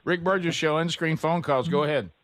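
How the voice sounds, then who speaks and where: A man's voice: on the high side, fairly quick, a bit bright. A man hosting a casual talk radio show, easygoing and chatty as he takes calls.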